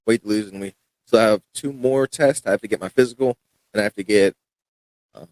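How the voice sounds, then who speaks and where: A man's voice: fairly low pitch, fairly quick, a little mellow, no echo, rough recording. A young man, a fighter guest on a podcast, telling a story in a casual, rambling way with many restarts and acted-out quotes. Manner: rambling, frequent restarts and fillers, acts out quoted dialogue.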